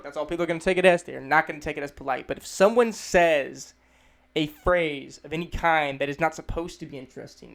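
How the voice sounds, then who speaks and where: A man's voice: a little high, vocal fry, fairly bright tone. A young American man in his twenties explaining phrases in a casual, rambling way, often repeating himself and acting out example lines in mock voices. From United States. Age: 20s. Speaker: English teacher. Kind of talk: casual explanatory video lesson.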